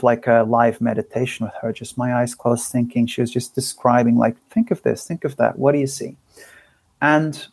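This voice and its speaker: A man talking as a podcast guest, thoughtful and candid, speaking in halting phrases with frequent restarts. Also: medium pitch, vocal fry, a little mellow, no room sound. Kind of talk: reflective conversational interview.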